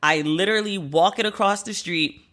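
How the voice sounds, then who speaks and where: A woman around forty hosting a solo podcast, talking in an animated, profane, venting way. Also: medium pitch, moderate pace. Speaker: podcast host.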